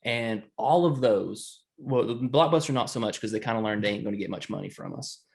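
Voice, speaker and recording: A man's voice: medium pitch, a little fast, gravelly. A man, co-hosting a casual chat and rambling through a story, laughing often. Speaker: podcast co-host.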